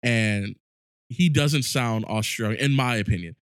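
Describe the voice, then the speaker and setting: A man co-hosting a podcast in casual chat, telling stories in animated, excited bursts. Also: medium pitch, unhurried, dry recording, clean studio sound. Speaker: podcast co-host.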